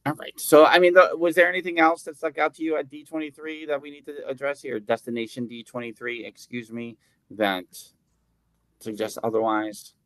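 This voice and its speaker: A man's voice: mid-range voice, level tone, normal speed, fairly bright tone, clear, resonant tone, no echo. Rambling man on a dry close mic. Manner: rambling, self-interrupting, jokey. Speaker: podcast co-host. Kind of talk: casual chat.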